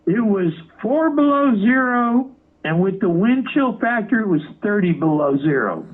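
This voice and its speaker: A man's voice: sits high, expressive, normal speed. A man interviewed as a rock musician, telling stories with lots of swearing and acting out the other people in them. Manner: swears freely, acts out quotes. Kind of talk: animated storytelling interview. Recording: phone-like narrow audio.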